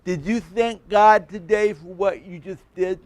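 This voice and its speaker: A man's voice: high-pitched, fairly even intonation, measured pace, no echo, pitched above the performer's own voice. An older man putting on a blunt, insistent younger man. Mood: probing. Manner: abrupt, commanding questions.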